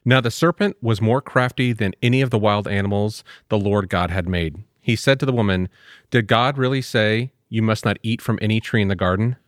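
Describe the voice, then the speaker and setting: A man's voice: on the low side, brisk, no room sound, clean studio sound. A man co-hosting a podcast, giving brief agreements and reading scripture aloud in plain tones. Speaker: podcast co-host. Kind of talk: casual chat and scripture reading.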